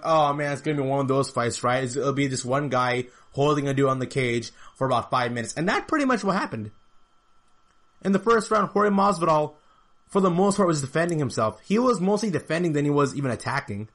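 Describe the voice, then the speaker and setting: Higher-voiced man recapping a fight. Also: fairly bright tone. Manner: talkative, repeats figures and points for emphasis. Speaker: podcast host. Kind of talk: solo podcast fight recap.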